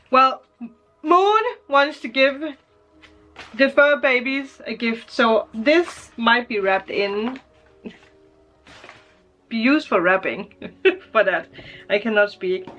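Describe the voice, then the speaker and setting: A woman's voice: on the high side, sharp tone, dull audio. A woman vlogger chatting casually through an unboxing, emotional and laughing often.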